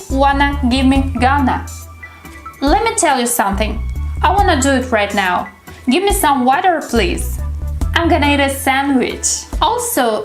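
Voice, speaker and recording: High-pitched woman, English teacher, slow deliberate modeling, echoey room, faint music. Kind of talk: scripted pronunciation lesson. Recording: roomy echo with soft music behind. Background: faint background music.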